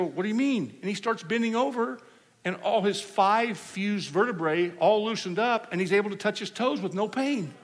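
A man preaching a sermon, telling healing stories in an animated way and acting out the people he quotes. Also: high voice. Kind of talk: storytelling sermon. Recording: hall reverb.

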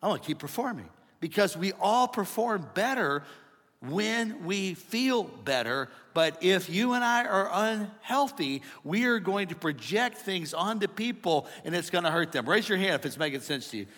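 High-voiced, energetic male pastor. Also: unhurried. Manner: energetic, preaching with call-and-response. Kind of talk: live sermon. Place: large church auditorium. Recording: long reverb of a big hall.

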